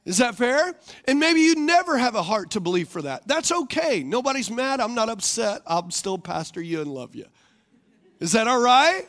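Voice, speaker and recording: Male pastor, high voice, sermon style, big on call-and-response. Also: sing-song, normal speed, fairly bright tone. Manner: rhetorical, calls for congregation responses; repeats questions for emphasis.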